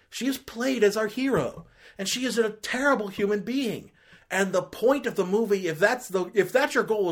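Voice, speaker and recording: A movie reviewer tears into a film in an exasperated rant, voice leaping up and down in pitch. The talk is loose and full of fillers and restarts, building into angry outbursts. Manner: ranting, exasperated, escalating into outbursts. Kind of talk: ranked-list movie review commentary.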